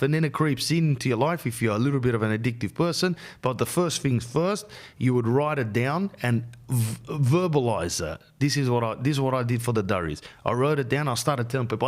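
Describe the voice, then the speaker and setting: Australian man, podcast host, blunt slangy advice, casual chat, mid-pitched voice. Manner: blunt and slangy, keeps calling the listener "bro". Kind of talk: casual podcast monologue giving life advice.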